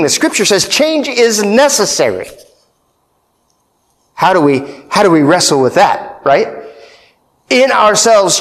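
A male pastor with a high-pitched voice preaches emphatically, repeating key phrases and checking in with "right?"

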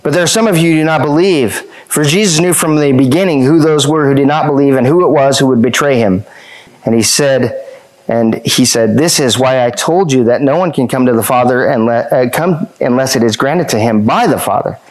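A man's voice: medium pitch, normal speed, poor audio. A man preaching a sermon as pastor, reading scripture aloud and repeating questions for emphasis.

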